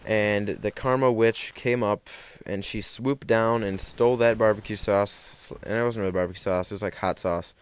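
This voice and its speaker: A young man with a somewhat low, smooth voice tells a rambling story while playing a game. He keeps stopping to correct himself and leans on fillers. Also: steady tone, moderate pace, hardly any pauses. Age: young adult. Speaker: gaming commentator. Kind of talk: casual storytelling over gameplay.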